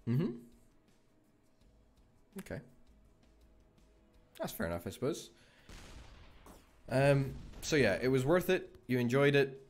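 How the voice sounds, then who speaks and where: A man chatting while gaming as a guest, a curious, teasing listener who asks quick questions. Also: mid-range voice, sing-song, soft background music. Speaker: guest co-player. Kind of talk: casual chat while gaming.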